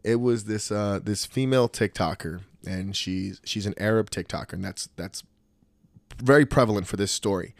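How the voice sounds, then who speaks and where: A man co-hosting a casual podcast chat who talks bluntly and swears a lot as he tells animated stories. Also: fairly low pitch, moderate pace, vocal fry, no room sound, studio quality. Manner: blunt, profane, animated storytelling. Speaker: podcast co-host, martial arts academy coach.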